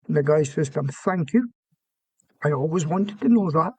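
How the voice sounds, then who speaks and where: A man's voice: a little high, animated, normal speed, a little mellow, breathy edge, no echo. An older man with an Aberdeen Scottish accent, a former soldier telling rambling anecdotes in an interview and acting out the dialogue. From Scotland. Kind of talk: storytelling interview.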